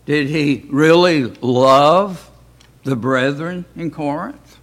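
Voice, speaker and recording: A man with a fairly high-pitched voice leads an informal Bible class in a church, taking it slowly. His talk is folksy and full of rhetorical questions.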